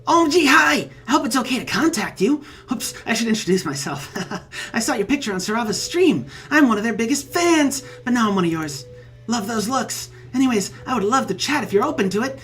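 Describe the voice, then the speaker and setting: A man's voice: very high-pitched, expressive, brisk, fairly bright tone, voice pushed up. A man voicing a lonely, eager young male bee troll with a buzzy voice who apologizes and pities himself. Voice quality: buzzy accent. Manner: eager, apologetic, self-pitying.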